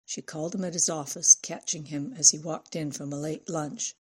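A woman narrates a novel in a steady, even manner. Her voice sits low, husky and mellow. It is an audiobook reading. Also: normal speed.

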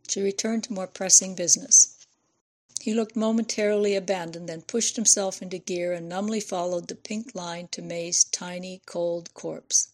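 A woman narrating an audiobook in a steady, measured way. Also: lowish voice.

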